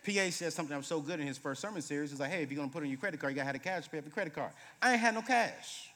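A man in his late thirties, a guest preacher telling humorous stories in a sermon, moving between loud bursts and hushed moments. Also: fairly high pitch, lively intonation, very fast. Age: 30s. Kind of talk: sermon with storytelling. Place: church sanctuary. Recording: reverberant church hall.

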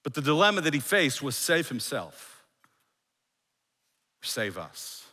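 A man preaching a sermon as a pastor, emphatic, repeating phrases and dropping to a hush for effect. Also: on the high side, big pitch swings, a little slow, long reverb tail. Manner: emphatic, with repeated phrases and dramatic hushed drops.

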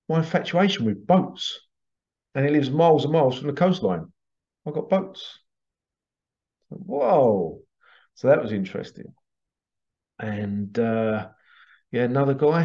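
A man's voice: medium pitch, dark tone. A man, a past life regression practitioner, telling anecdotes in a chatty way, laughing often and acting out what his clients said. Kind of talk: casual anecdotal storytelling. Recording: dull lo-fi sound.

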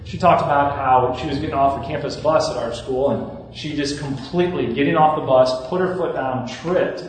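A man's voice: a little high, moderate pace, slight background noise. A man in his thirties, a campus minister, giving an earnest, conversational talk to students with frequent restarts and asides. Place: large hall. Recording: echoey hall from far off.

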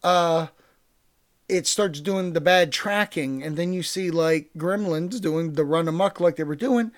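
Excitable rambling man, a bit high-pitched. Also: measured pace. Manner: excitable rambling with frequent swearing and fillers; animated, mixes loud bursts with mumbled asides. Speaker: pop-culture reviewer. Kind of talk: casual chat.

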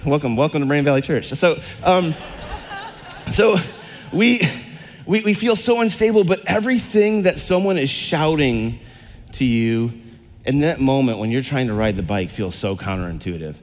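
A man's voice: mid-range voice, expressive, moderate pace. Chatty pastor man in an echoey church hall. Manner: chatty, rambling, lots of fillers and restarts, asks the audience questions. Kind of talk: casual interactive sermon. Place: church hall before a congregation.

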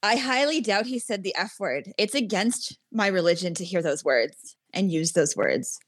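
A woman's voice: medium pitch, animated, moderate pace, dry recording, natural voice. A woman playing a prim, churchy receptionist who scolds callers over their language. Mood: prissy. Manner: prissy, scolding.

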